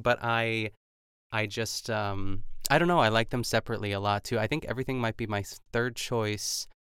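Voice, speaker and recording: A man's voice: medium pitch, a bit bright, clear, resonant tone, no echo, studio quality. A man hosting a podcast, talking in a rambling, chatty way with lots of fillers. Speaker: podcast host. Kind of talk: casual podcast recap chat.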